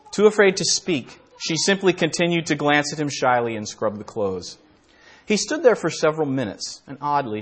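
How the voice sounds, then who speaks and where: A man teaching a Bible lesson, reading his own fairy tale aloud in a quiet storytelling way and clearing his throat now and then. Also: medium pitch. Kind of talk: sermon with a read-aloud story.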